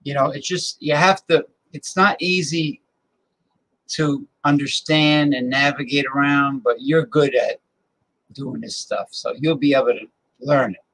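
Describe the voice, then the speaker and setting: A man's voice: medium pitch, steady tone, a little slow, fairly bright tone, low-quality recording. A male host in a casual chat who rambles while giving advice.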